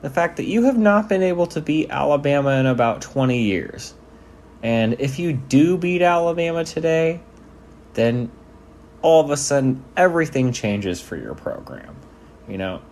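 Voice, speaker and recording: A man's voice: a little high, expressive, moderate pace, a little mellow, a little hiss or hum. A man giving casual, joking commentary over game footage, laid-back and swearing freely. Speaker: sports video commentator.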